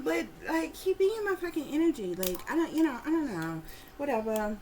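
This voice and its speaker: A middle-aged woman and psychic reader, telling viewers a story in a casual, profane and animated way while calling out to her audience. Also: high voice, brisk.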